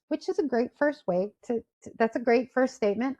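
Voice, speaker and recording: Brisk and barely pausing, a woman with a fairly high voice delivers a career talk to viewers over a video call. She spins a story, performing the quoted voices of its characters with animation.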